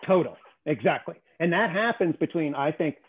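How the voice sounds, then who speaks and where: A man's voice: fairly high pitch, animated, a little fast, breathy edge. A man as a guest explaining a theory in conversation, emphatic and often checking in with "okay?". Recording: tinny phone-like call audio.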